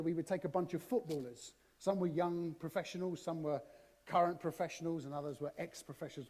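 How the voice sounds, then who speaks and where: Animated high-voiced preacher. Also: male voice. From southern England. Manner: animated storytelling, shifting loud and soft. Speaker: guest preacher. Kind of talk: sermon. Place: church.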